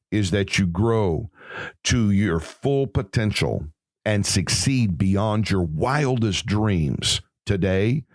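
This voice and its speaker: Male podcast host, lower voice, slow and earnest, preacher cadence, dry close sound. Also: dry recording. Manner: earnest, preacherly, with drawn-out words. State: emotional. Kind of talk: inspirational Christian podcast talk.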